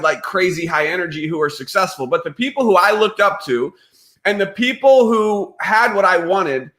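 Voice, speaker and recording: A man's voice: high voice, pushed and bright. A man hosting a live stream, talking enthusiastically as a network marketing coach giving motivational advice.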